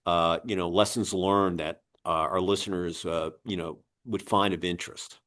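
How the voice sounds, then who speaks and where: A man's voice: low voice, fairly even intonation, moderate pace, a bit bright. A man in his sixties hosting a business podcast, telling rambling anecdotes full of fillers. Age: 60s. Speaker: podcast host and magazine publisher. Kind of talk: casual storytelling interview.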